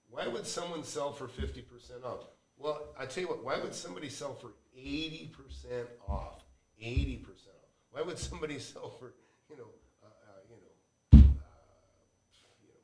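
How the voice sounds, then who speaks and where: A man's voice: mid-range voice, animated, moderate pace, dark tone. Middle-aged male host, casual live-stream chat, loose and rambling, lots of uhs and restarts. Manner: rambling storytelling with many fillers and restarts. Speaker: real estate investor hosting a live Q&A.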